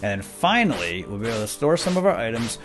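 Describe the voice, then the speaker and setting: A man giving excitable, chatty gameplay commentary, talking back to game characters as he plays. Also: mid-range voice, quick pace, music in the background. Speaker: let's play host.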